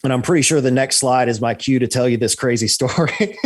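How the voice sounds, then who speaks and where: A man talks as an interview guest, in a middle-pitched voice of everyday strength. He tells his story with energy, checking in with the listener and often stumbling over his starts. The delivery is loose and conversational. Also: fairly quick. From United States. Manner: animated, repeats "right?" and restarts. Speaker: podcast guest, researcher.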